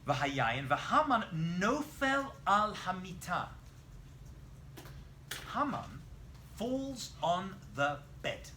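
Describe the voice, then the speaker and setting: A man, a rabbi, teaching a lively Bible lesson in a classroom, telling the story with animation and quizzing his students. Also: high-pitched, extremely slow, pauses often, slight background noise.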